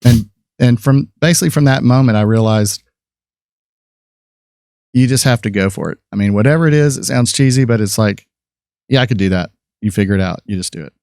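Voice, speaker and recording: A man's voice: medium pitch, fairly quick, long pauses, a little mellow, no echo, clean studio sound. A man in his fifties, a podcast guest and photographer, telling rambling stories about his life in a casual chat, with many fillers and restarts.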